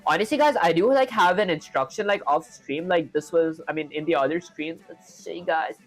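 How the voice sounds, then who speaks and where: A man's voice: fairly high pitch, moderate pace. Chatty young man with an Indian accent. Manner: chatty, talks through each step, keeps addressing viewers as guys. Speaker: coding streamer. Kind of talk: live coding stream, thinking aloud and answering chat.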